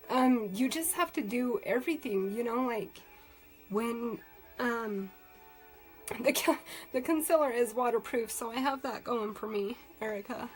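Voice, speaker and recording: Tearful soft-spoken woman. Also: on the high side, a little slow, faint music behind, low-quality recording. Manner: emotional, tearful, rambling with many fillers. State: crying. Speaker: vlogger doing a live stream. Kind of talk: casual live-stream chat.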